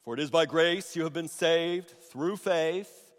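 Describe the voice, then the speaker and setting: A man preaching a sermon as pastor, swinging between loud emphatic bursts and hushed asides. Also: a little high, measured pace. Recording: long reverb of a large hall.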